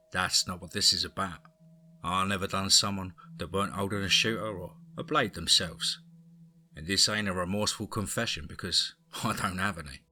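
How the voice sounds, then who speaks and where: A man voicing an older, unrepentant retired London crime lord with a Cockney accent, narrating a horror story in first person with gruff street slang. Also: deep voice, pushed and bright, slight background noise.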